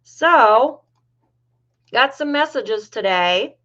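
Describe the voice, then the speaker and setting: A woman's voice: fairly high pitch, expressive, slow, bright, forceful tone, lo-fi sound. A middle-aged woman from New York hosting a casual livestream, chatting with viewers and reading their comments aloud. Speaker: livestream host.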